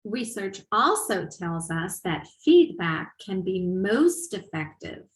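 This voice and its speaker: A woman's voice: medium pitch, big pitch swings, slow. Middle-aged woman teaching a webinar, asks questions to the audience, kinda echoey. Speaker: conference presenter on language teaching. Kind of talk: webinar lecture.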